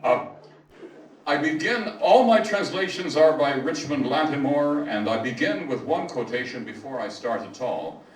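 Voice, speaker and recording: An older man giving a slow, digressive, self-deprecating talk about reciting ancient verse, as an amateur classics reciter. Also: fairly high pitch, animated. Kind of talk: spoken lecture with recitation. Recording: echoey room, mic at a distance, faint hiss.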